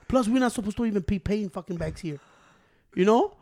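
A man's voice: high voice, lively intonation, moderate pace, darkish tone. A man telling a story in casual chat, laughing often, swearing freely and mixing Spanish into his English.

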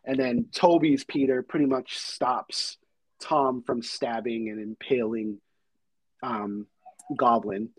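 A man hosting a podcast, excitedly retelling a film scene by scene in casual chat with lots of fillers. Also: mid-range voice, takes it slowly, husky, no echo, poor audio. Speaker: podcast host. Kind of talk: casual movie recap chat.

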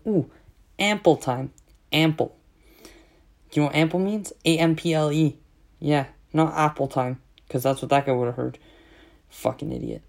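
A man's voice: fairly high pitch, darkish tone. A man ranting casually, exasperated and sarcastic, swearing heavily as he tells a complaint. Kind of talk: casual profane rant.

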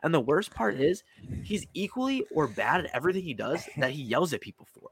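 A man talking loudly and playfully in casual podcast banter, laughing along. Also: fairly high pitch, very animated, brisk, slightly rough. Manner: loud, playful, laughing through his picks.

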